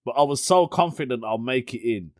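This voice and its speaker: Musing aloud on his solo podcast, a young man drifts into stories and laughs easily, using British slang like "innit". His ordinary middle-pitched voice is animated and fairly quick. The recording is dry and close, with no room sound or echo.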